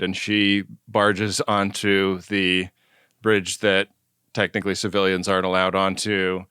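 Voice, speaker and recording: A man with a lowish, resonant voice chats casually on a podcast, recapping a show in a relaxed way and laughing easily. He leans on "like" as a filler. The sound is close and dry, with no room around it. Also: smooth, no echo. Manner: laid-back, laughs often, many "like" fillers. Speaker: podcast co-host. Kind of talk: casual chat recapping a TV episode.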